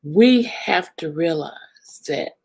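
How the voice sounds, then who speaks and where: A tearful woman hosting a live stream speaks with a husky, breathy voice. She talks slowly, with long pauses and sighs. Her pitch swings widely as her voice breaks with emotion. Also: expressive, darkish tone, poor audio. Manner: slow, emotional, apologetic, drawn-out pauses and sighs. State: tearful, crying. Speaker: livestream host.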